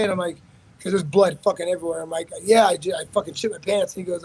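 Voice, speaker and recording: A man's voice: high-pitched, fairly even intonation, quick pace, a little mellow, slightly rough, poor audio. A man, a fighter being interviewed, telling a story in a rambling, profane way with many restarts. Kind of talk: casual storytelling.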